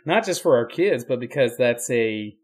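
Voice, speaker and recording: An easygoing preacher co-hosting a podcast, he thinks out loud in a relaxed, reflective way. He drops dry, deadpan jokes into the conversation. His voice sits in a middle register for a man. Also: mid-range voice, moderate pace, slightly rough. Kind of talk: casual chat.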